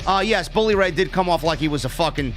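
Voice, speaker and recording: A man hosting a live stream, his voice sitting a bit high for a man. He reads viewer donations aloud and answers them with offhand, swear-laced chatter. Faint guitar music plays underneath. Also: animated, fast, fairly bright tone. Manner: casual, profane, reads donor messages aloud. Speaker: show host reading super chats. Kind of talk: casual live-stream chat.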